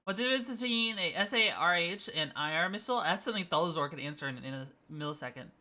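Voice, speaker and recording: Woman streamer, bright voice, chatty and playful, laughs often. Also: fairly low pitch, expressive, fast talker. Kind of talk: casual gaming stream chat.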